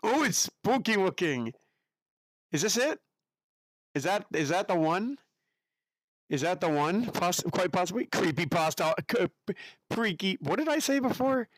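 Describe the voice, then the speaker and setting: A man's voice: high-pitched, very animated, a little slow, long pauses, no echo. A man from the United States chatting casually with his live-stream audience in a chatty, giggly way, with an unusual voice. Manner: chatty, giggly, reacts to chat.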